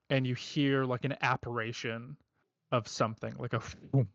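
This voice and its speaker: Male game master, relaxed narration, dry dull sound. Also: mid-range voice, moderate pace, no echo. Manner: relaxed storytelling with fillers.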